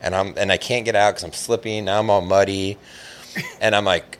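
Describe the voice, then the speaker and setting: A man telling a long fishing story in casual chat, rambling and animated, with lots of "like" fillers. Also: sits low, fast, a little hiss or hum. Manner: rambling, animated, heavy use of "like".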